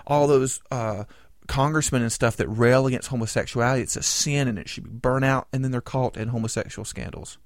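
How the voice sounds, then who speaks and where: A man co-hosting a podcast, telling a story in an animated, indignant way. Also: mid-range voice, no echo, studio quality. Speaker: podcast co-host. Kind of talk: casual chat.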